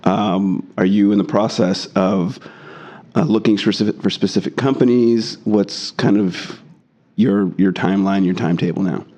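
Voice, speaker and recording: A man's voice: lowish voice, steady tone, normal speed, warm tone. A man hosting an interview, asking rambling, hesitant questions, his voice slightly worn. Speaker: podcast host.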